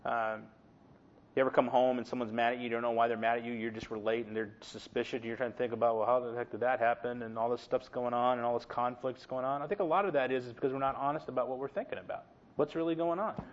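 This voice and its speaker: A middle-aged man preacher giving a conversational sermon, humorous and animated, with many asides. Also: mid-range voice, fast talker, lo-fi sound.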